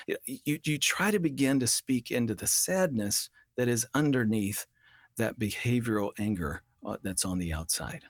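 A man's voice: medium pitch, expressive, normal speed, no room sound, studio quality. A man talking as a family counselor on a radio show, earnest and explaining, now and then acting out what a child might say. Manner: earnest, acts out children's voices in quotes. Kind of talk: radio talk show conversation.

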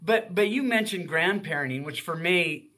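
A man's voice: sits high, animated, moderate pace, bright, forceful tone. A man in his sixties, a guest author in a faith-based radio interview, talking in an earnest, heartfelt way.

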